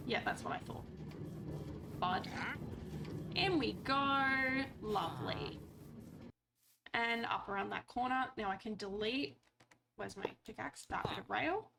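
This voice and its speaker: A woman's voice: medium pitch, big pitch swings, measured pace, vocal fry, pauses often, noisy background. A woman streamer chatting playfully through her gameplay, talking to the characters on screen and swearing casually.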